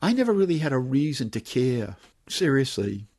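A man's voice: mid-range voice, normal speed. A man with a working-class Medford, Massachusetts accent, a novelist telling stories in an interview. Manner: animated storyteller. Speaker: novelist guest. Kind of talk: anecdotal interview talk.

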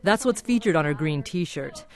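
A woman reporting a radio feature, with a clear narrative delivery. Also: deep voice, lively intonation, moderate pace, darkish tone.

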